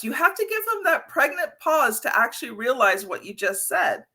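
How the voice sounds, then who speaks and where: A woman's voice: sits high, very animated, moderate pace, bright, forceful tone, husky. A middle-aged woman hosting a podcast interview, chatty and anecdotal with many fillers. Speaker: podcast host. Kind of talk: conversational interview.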